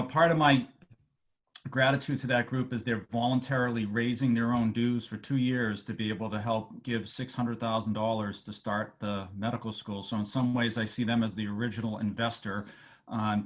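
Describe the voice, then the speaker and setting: A man with a Boston accent giving a halting speech over a video call to alumni, with many fillers and restarts. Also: mid-range voice. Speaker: medical school dean addressing alumni.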